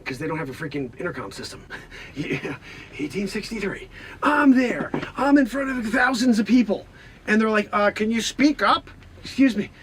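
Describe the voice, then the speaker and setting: A man's voice: high-pitched, a little hiss or hum. A man playing a boastful, melodramatic time-traveling man who rants in exasperation in an improvised comedy sketch. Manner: exasperated rants, shouting, frequent exclamations.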